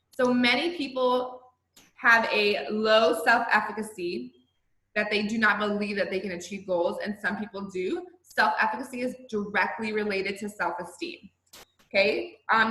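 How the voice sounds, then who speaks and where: Bright-voiced woman lecturing over a video call. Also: mid-range voice, roomy sound, low-quality recording. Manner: conversational, checks in with "right?" and "okay?". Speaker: college instructor. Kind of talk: recorded online lecture.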